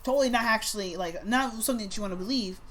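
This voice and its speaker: A woman in the middle of a casual tarot reading, talking straight to the people watching. She speaks bluntly and swears freely. Her pitch sits in the middle, and she moves between quiet, thoughtful stretches and sudden loud bursts. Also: rapid-fire, slight background noise. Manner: lively, jumps between soft musing and loud outbursts. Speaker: tarot reader.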